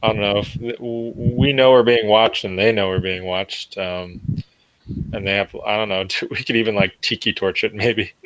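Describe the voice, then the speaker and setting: A man with a fairly low voice, playing a tabletop game and thinking aloud. He trails off mid-thought, and his voice sounds dry and close. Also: fairly even intonation, normal speed, fairly bright tone, dry recording, rough recording. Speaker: player. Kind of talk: casual tabletop play.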